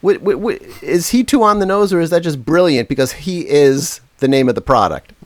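A man co-hosting a comedy podcast, setting up jokes in a wry way and stammering when he gets excited. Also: a little high, moderate pace. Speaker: podcast co-host. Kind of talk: comedic casual chat.

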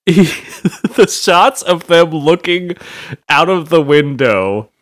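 Laughy podcast guy, kinda high voice, slow easy talk, loads of ups and downs. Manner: laughs often, animated riffing. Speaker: podcast co-host. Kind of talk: casual chat.

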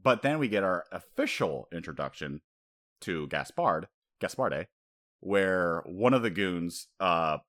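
Animated man who laughs often. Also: low-pitched, a little slow. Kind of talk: casual chat.

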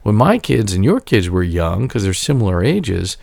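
A man in his forties rambling and swearing through casual podcast chat, his stories loose and animated. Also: lowish voice, moderate pace, creaky, no room sound, studio quality. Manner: rambling, profane, animated storytelling. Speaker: podcast co-host.

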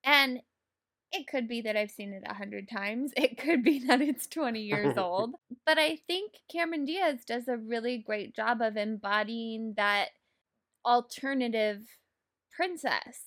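A woman in a casual movie discussion, animated, laughing often and swearing freely. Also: fairly high pitch, unhurried.

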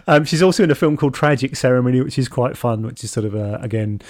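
A man with a mid-pitched voice talks films in a casual, measured way. He hedges often and fills his pauses with "um" and "you know.". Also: animated, a little mellow. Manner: measured, hedging, filler-heavy. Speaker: film podcast co-host. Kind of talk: casual film discussion.

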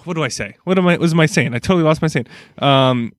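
A middle-aged man with a slightly high voice, talking sports in a loose, rambling way and laughing between his complaints. The sound is dry and close, with no room echo. He keeps coming back to how frustrated he is. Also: fast talker. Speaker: sports podcast co-host. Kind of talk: casual sports chat.

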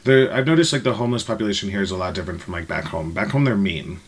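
A man's voice: fairly low pitch, rapid-fire, a little hiss or hum. A man hosting a casual podcast chat, rambling with lots of fillers. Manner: rambling with many fillers and laughs. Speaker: podcast host.

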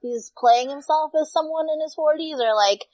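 A woman's voice: high voice, moderate pace, a little mellow. Playful, giggly woman guest. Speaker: podcast guest. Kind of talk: casual chat.

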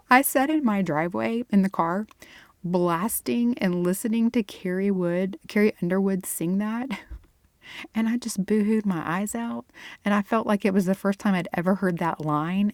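Earnest low-voiced woman podcast host. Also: darkish tone, no room sound. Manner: earnest and encouraging, chatty with laughs. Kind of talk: faith-based fitness podcast monologue.

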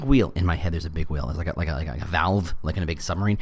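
A middle-aged man's low-sitting voice carries his casual solo podcast. He talks with plenty of animation, joking asides, and quick character voices for quotations.

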